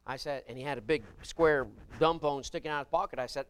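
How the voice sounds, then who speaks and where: Preacher guy, high clear voice, jokey folksy sermon, gets loud then drops way down. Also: steady tone, quick pace. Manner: folksy and humorous, swings between loud emphatic bursts and quiet asides.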